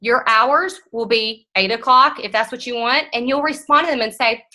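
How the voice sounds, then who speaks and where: A woman, giving a frank, animated motivational talk to her team as guest speaker. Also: on the high side, normal speed, rough recording.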